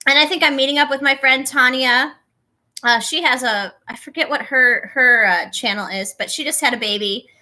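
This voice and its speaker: A woman's voice: high voice, normal speed, bright, forceful tone. A young woman reading tarot on a live stream, chatting casually and greeting viewers by name.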